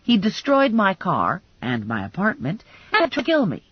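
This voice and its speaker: Lively wry female audiobook narrator. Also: mid-range voice, moderate pace, breathy edge, dry recording, muffled recording. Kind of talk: first-person audiobook narration.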